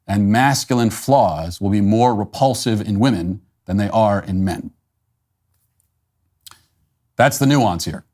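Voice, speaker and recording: A man with a somewhat low voice delivers an opinion monologue as host of his own commentary show. His delivery is measured and emphatic, and he slows down deliberately to drive his points home. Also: darkish tone.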